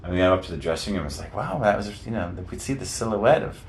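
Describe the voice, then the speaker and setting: A male musician telling stories as an interview guest, animated and rambling with many restarts. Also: deep voice, fast talker, creaky, slight background noise. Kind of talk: casual interview storytelling.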